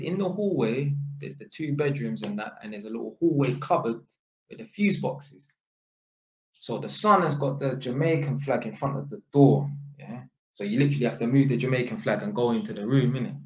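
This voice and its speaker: A man telling a story in a casual, animated way, full of street slang and tag questions. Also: mid-range voice. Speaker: vlogger. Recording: echoey room, dull lo-fi sound.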